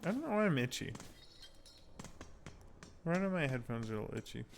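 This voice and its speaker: Young male streamer, chatty, amused asides, mid-pitched. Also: very animated, brisk, gravelly, noisy background. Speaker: streamer playing a game. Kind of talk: casual gameplay commentary.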